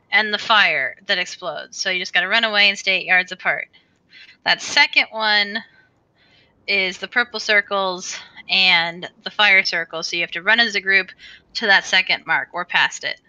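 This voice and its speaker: A woman leading a game raid over voice chat, calmly walking her group through tactics step by step. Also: mid-range voice, smooth, no room sound, dull audio. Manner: brisk, explains tactics step by step. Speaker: raid leader. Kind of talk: casual voice chat while gaming.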